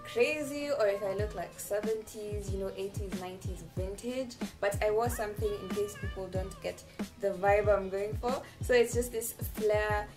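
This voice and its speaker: A woman's voice: medium pitch, moderate pace. A young woman vlogging casually from home, chatty and self-mocking, laughing often as she talks to her camera. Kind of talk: casual vlog chat. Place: home bathroom. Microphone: camera set nearby. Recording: clear background music under the voice. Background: background music.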